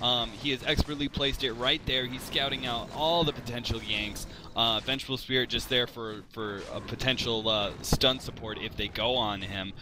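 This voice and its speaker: A man's voice: medium pitch, steady tone, normal speed, few pauses, noisy background. A man commentating a video game match, rambling with lots of fillers and restarts. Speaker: esports commentator.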